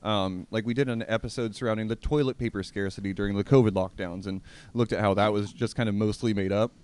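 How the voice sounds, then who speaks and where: Smooth-voiced man hosting a casual podcast. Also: fairly low pitch, fairly even intonation, a little mellow. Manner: chatty, laughs often, quick restarts. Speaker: podcast host. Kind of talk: casual history podcast chat.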